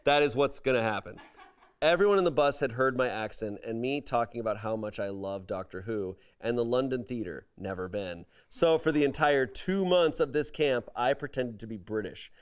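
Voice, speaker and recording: A man with a smooth, clear voice at an ordinary middle pitch hosts a relaxed comedy podcast. He reads online posts aloud and breaks off for wry, amused asides. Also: moderate pace. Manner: wry, amused commentary between read passages. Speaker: podcast host reading online stories aloud. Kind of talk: casual comedic podcast chat and reading aloud.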